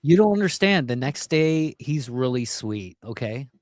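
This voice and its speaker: A man co-hosting a podcast, rambling through dark jokes full of fillers in casual banter. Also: mid-range voice, sing-song, unhurried, no room sound. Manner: rambling, darkly joking, filler-heavy. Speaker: podcast co-host.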